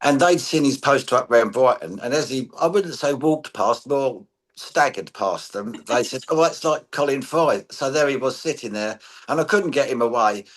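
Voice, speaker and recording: A man's voice: medium pitch, moderate pace. A man reminiscing in casual chat, a blunt storyteller who swears casually. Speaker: guest, friend of the late medium.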